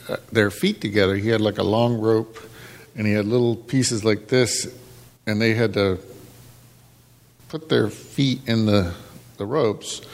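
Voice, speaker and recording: A man's voice: mid-range voice, long reverb tail. A man preaching informally in church, telling a story in a casual way with many fillers.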